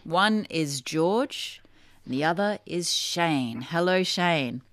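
A woman's voice: fairly low pitch, animated, slow pace, fairly bright tone, slight background noise. A woman with a South Australian accent hosting a radio talk show, chatting casually and reading listener messages aloud. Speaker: radio host. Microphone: studio microphone.

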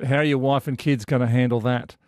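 A man hosting a radio interview, asking steady, prepared questions from a studio. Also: medium pitch, a little fast, dry recording. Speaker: radio host.

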